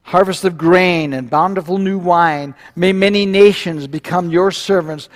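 Solemn old dad handing out a blessing, raised voice, preacher reading him out. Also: male voice, high-pitched, measured pace, in a large hall. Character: old blind father, solemn and shaken.

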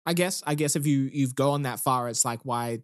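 A man's voice: mid-range voice, normal speed, dry recording, clean studio sound. A man hosting a podcast, casually and easily walking through the week's news. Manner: easygoing, walks through news stories. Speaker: podcast host.

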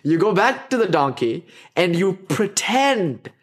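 A man voicing a calm, confident stranger who offers soothing advice in a told story. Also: high voice, a little slow. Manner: soothing, reassuring.

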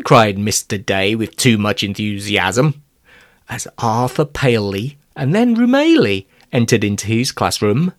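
A man's voice: fairly low pitch, measured pace, no echo, studio quality. A man narrating a rhyming children's storybook aloud. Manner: lively rhyming read-aloud, voicing every character. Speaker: narrator and author-reader.

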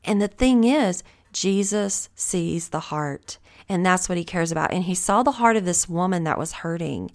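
A woman's voice: on the low side, expressive, normal speed, few pauses. A woman host giving a conversational devotional Bible teaching, earnest and encouraging, often thinking aloud.

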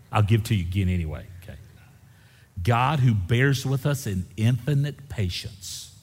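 A man preaching a sermon, building to loud repeated refrains and joking with the congregation. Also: on the low side, husky. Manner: preaching with rising intensity, repeating phrases. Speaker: pastor. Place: church sanctuary. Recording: church hall with long reverb.

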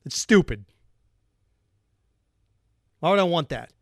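A man's voice: on the high side, expressive, takes it slowly, no echo, studio quality. A man hosting sports radio, ranting with heated sarcasm and hammering repetition. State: angry. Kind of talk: angry monologue rant.

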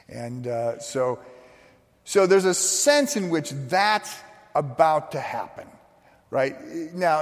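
A man preaching a sermon, telling a story in a loose, conversational way and acting out the people he quotes. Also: a little high. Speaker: pastor. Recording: long hall reverb.

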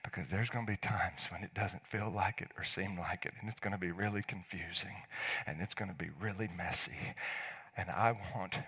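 A middle-aged man delivers a sermon from the pulpit. His voice is bright and forward, and he swings between hushed, almost whispered lines and loud, emphatic preaching. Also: low-pitched, moderate pace, breathy edge. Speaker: pastor.

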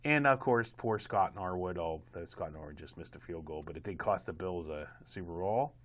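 A man with a somewhat low voice co-hosts a casual sports podcast. He rambles, fills pauses with ums and uhs, and keeps laughing at his own jokes. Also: fairly bright tone. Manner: rambling, self-amused, many fillers. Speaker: podcast co-host.

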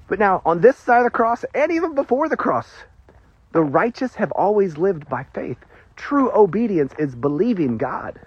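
A man preaching a sermon, animated and prone to nervous giggling as he explains scripture. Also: high-pitched, no echo. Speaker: pastor. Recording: dull lo-fi recording.

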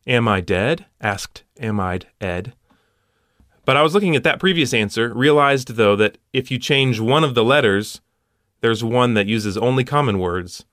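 A man's voice: mid-range voice, expressive, normal speed, a bit bright, dry recording. A man hosting a puzzle show, walking through solutions step by step with dry punning asides.

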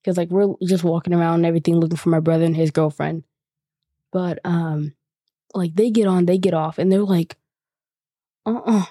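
A woman's voice: on the low side, fairly even intonation, a little fast, mellow, no room sound, clean studio sound. A young woman hosting a podcast, telling a casual, chatty story with many 'like' fillers. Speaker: podcast host.

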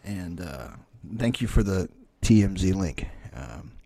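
A man's voice: low-pitched, big pitch swings, measured pace, mellow, no echo. A man co-hosting a podcast, telling a rambling, profanity-heavy story in casual chat. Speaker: podcast co-host.

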